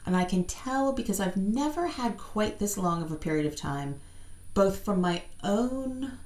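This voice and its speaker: A middle-aged American woman chatting casually as an interview guest, self-deprecating and quick to laugh. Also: medium pitch, lively intonation, darkish tone. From United States. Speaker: guest actor. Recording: echoey room.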